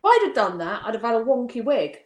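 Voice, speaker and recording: A woman's voice: on the high side, big pitch swings, fast talker, echoey room. A woman co-hosting a podcast, telling rambling stories with fillers and giggles. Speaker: podcast co-host. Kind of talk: casual chat reviewing a TV episode.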